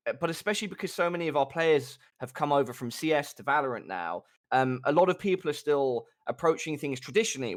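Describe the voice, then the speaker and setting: A man talking casually about tactics on a live gaming show, swearing and ranting at times. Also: fairly bright tone. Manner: swears a lot, rants with rising pitch. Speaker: guest pro player.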